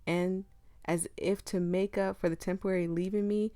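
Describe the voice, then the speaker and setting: A woman's voice: mid-range voice, steady tone, normal speed, dark tone, no room sound, clean studio sound. Giggly young woman reading a game aloud. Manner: giggly, often breaking into laughter. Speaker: gaming video creator. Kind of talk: reading a visual novel aloud with commentary.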